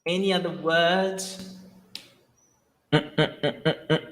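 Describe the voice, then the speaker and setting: Guy teaching online, talks real slow, voice a bit high, repeats stuff and quizzes the class. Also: fairly even intonation, a bit bright, rough recording. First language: Portuguese. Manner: patient, repeats words slowly, asks students questions. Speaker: Portuguese teacher. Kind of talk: live online lesson.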